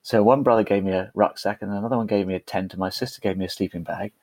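A man's voice: lowish voice, steady tone, fast talker, a little mellow, no room sound. A man, a podcast guest, telling a personal story in a chatty, self-deprecating way with frequent restarts. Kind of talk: conversational storytelling.

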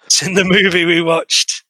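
An English man casually retelling a film plot to a co-host, animated and chatty, laughing and swearing now and then. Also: high voice, measured pace, dry recording, rough recording. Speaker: podcast co-host. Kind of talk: casual film recap chat.

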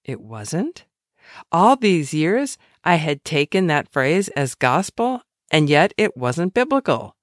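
A woman reads aloud from her own devotional book, her voice rising and falling in a lively, expressive way. She keeps it conversational and drops in wry asides, and the sound is close and dry with no room echo. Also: sits low, takes it slowly.

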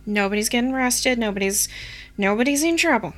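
Female player, soothing, fairly high voice. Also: lively intonation, fairly quick, faint music behind. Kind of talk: in-character tabletop play.

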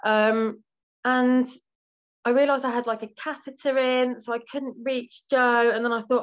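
A woman's voice: on the high side, level tone, a little slow, muffled recording. A British woman speaking frankly as an interview guest, with lots of fillers and restarts. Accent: British English. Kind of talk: candid podcast interview.

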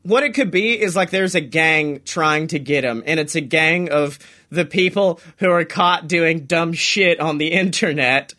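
A man's voice: fairly high pitch, a little slow, bright, forceful tone. A young man co-hosting a podcast in casual comedic chat, rambling, swearing and acting out little voices as he spins a story. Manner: rambling, swears a lot, acts out voices in quotes. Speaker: podcast co-host.

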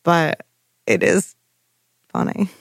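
A woman's voice: takes it slowly, no room sound, clean studio sound. A woman co-hosting a casual recap chat, chatty and emphatic, with lots of 'like' and crude jokes. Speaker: podcast co-host.

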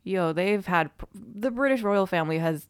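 A woman's voice: medium pitch, expressive, moderate pace. A young woman co-hosting a podcast in casual chat, emphatic and conversational, often saying "like.". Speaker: podcast co-host.

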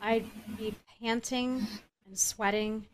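A woman's voice: a little high, steady tone, slow pace. A woman playing a tabletop game, speaking as her captain character with frantic urgency. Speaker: player.

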